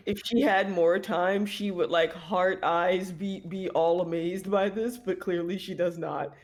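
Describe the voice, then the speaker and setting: A woman calmly describes her character's actions in a tabletop game. She takes her time, with relaxed pauses. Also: fairly low pitch. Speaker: player. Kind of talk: casual chat in a tabletop game.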